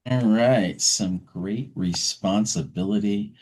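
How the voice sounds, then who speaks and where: Low-voiced easygoing podcast man. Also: slow pace, darkish tone, husky. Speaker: podcast co-host. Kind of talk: casual podcast chat.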